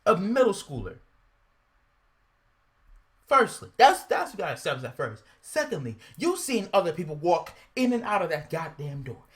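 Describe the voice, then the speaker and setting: A woman's voice: fairly low pitch, big pitch swings, moderate pace. A woman co-hosting a podcast, ranting with profanity, repeating herself and growing indignant. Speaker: podcast co-host. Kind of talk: heated casual podcast rant.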